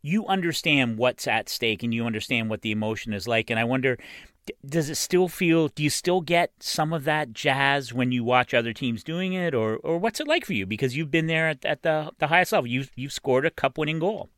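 Male interview host, bright, animated delivery, dry studio sound. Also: mid-range voice, a little fast, no echo. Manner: enthusiastic, long winding questions. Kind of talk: interview questions.

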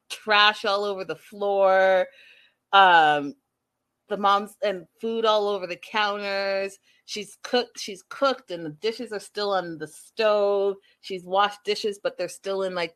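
Woman host, casual reality TV recap, sassy and opinionated, chatting to viewers, mid-pitched voice. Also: fairly bright tone.

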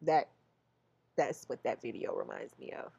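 A middle-aged woman hosts her own podcast as a life coach, talking slowly and openly about her feelings. Her voice is husky with a gravelly edge. The sound is dry and slightly dull. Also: extremely low pitch, expressive, warm tone, no echo. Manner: emotional, casual, confiding. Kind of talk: emotional podcast talk.

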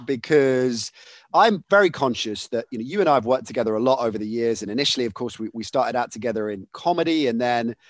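Animated chatty male podcast host. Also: medium pitch, fast talker, no room sound. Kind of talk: casual podcast chat.

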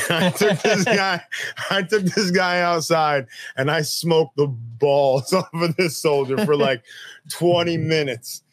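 A man in his thirties, an army veteran, telling stories in a relaxed, profane, chatty way and often breaking into laughter. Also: fairly high pitch, a little slow, no echo. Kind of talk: casual storytelling interview.

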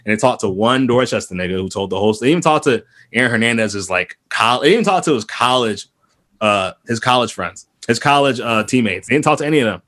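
A man's voice: mid-range voice, quick pace. A man from the area hosting a podcast, ranting in casual chat with lots of restarts and swearing. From Boston area. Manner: animated, heated, many restarts and profanity. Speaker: podcast host.

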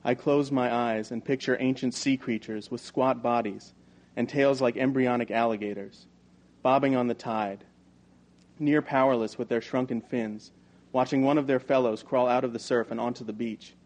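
Guy narrating an audiobook, mid pitch, steady and measured. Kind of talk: first-person novel reading.

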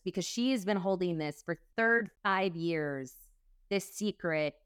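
Smooth, low-pitched woman telling her story. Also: measured pace, fairly bright tone, no room sound. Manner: earnest, tumbling storytelling full of quoted dialogue. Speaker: guest. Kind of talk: personal storytelling in conversation.

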